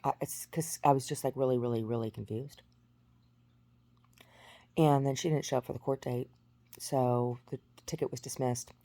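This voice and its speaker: A woman's voice: very deep voice, fairly even intonation, normal speed, pauses often, mellow, dry recording. A woman in her forties talking through a rambling personal story, full of restarts and fillers. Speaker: vlogger. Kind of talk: casual storytelling monologue.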